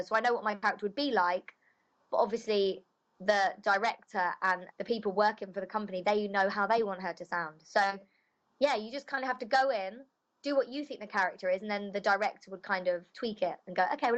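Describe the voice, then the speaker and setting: A woman's voice: mid-range voice, fairly quick, fairly bright tone, highs cut off. A woman voice actress chatting casually in an interview, loose and full of filler phrases. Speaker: voice actress guest.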